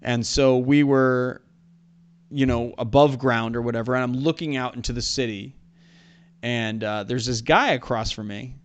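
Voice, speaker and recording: A man's voice: medium pitch, steady tone, normal speed, dull audio. A young man co-hosting a podcast, telling a rambling story with many restarts while tipsy from whiskey. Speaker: podcast co-host. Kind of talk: casual chat.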